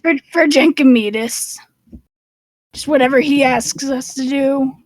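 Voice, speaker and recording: A woman's voice: high voice, a little slow, no echo, rough recording. A woman voicing a cagey female traveler just off a ship, answering hesitantly and evasively with stammers.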